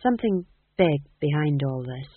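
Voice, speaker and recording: A man voicing a gentle, perceptive actor's wife who speaks quietly and with measured firmness. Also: on the high side, lively intonation, husky, dry recording. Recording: tinny phone-like dry recording.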